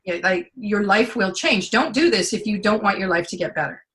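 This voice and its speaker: A woman giving a client testimonial in casual conversation, chatty and animated as she tells her stories. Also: medium pitch, brisk, a little hiss or hum.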